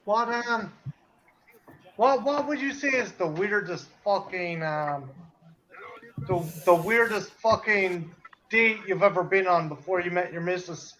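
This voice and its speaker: A man's voice: high-pitched, a little slow, a bit bright. A man asking stumbling questions in casual chat over a dull lo-fi line with faint noise.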